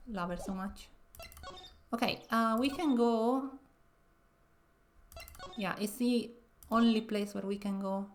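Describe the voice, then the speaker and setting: A woman's voice: a little high, very slow, pauses often, a little hiss or hum. A woman streamer giving casual, giggly commentary while playing a game. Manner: giggly, chatty.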